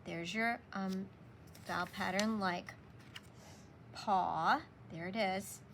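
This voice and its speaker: A woman's voice: mid-range voice, steady tone, unhurried, fairly bright tone, slight background noise. A woman teacher walking young children through a spelling lesson, patiently sounding out letters and sounds.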